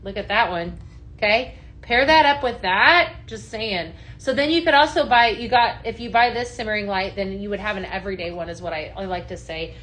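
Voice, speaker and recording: A woman's voice: medium pitch, brisk, a bit bright, slight background noise. A woman consultant hosting a live product show, gushing and chatty, with lots of "just saying" and "right?". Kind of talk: upbeat live sales chat, reading viewer comments.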